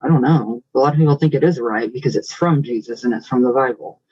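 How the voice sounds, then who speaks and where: A husky-voiced man talks in a rambling, gushing way, piling on thanks and affection as he reads comments aloud. His voice has a mid-range pitch. The recording is muffled and lo-fi, like a home setup. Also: quick pace, a little mellow. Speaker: vlogger. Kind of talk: casual vlog chat reading comments.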